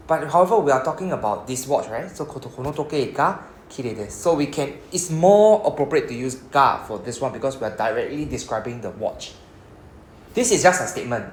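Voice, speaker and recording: A man's voice: medium pitch, animated, normal speed, a little hiss or hum. A man with a Singaporean English accent, teaching a Japanese lesson in a classroom and explaining patiently, often checking in with the students. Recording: echoey classroom.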